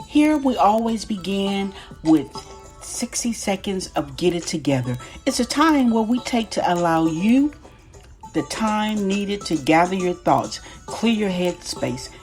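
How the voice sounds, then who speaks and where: Speaking in a mid-range, darkish voice, this Southern-accented life coach from Texas hosts an upbeat podcast monologue. She's enthusiastic and folksy, and says her greetings more than once.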